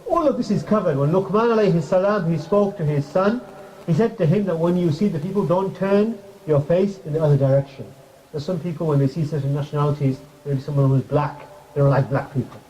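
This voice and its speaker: A man giving an informal sermon in a mosque, speaking conversationally with the audience, putting questions to them and making light jokes, and quickly reciting Arabic verses. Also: on the high side, mellow. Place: mosque hall. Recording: crackly muffled recording.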